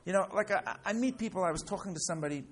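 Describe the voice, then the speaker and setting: A man's voice: high voice, rapid-fire. A middle-aged man teaching a class in a casual, chatty way, telling a story with lots of fillers and "right?" check-ins. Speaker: Torah teacher.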